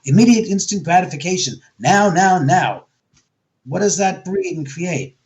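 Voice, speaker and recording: A man's voice: sits high, animated, normal speed, a little mellow. A man talking bluntly and with plenty of swearing as a guest in a casual radio interview, acting out the voices of people he quotes. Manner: blunt, profane storytelling. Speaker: author and guest.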